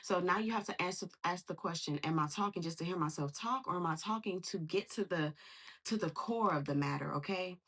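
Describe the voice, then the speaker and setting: A woman with a husky, slightly low voice gives a casual tarot reading. She speaks in an animated, slangy way. She keeps acting out the voices of the people she quotes. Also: brisk. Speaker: tarot reader.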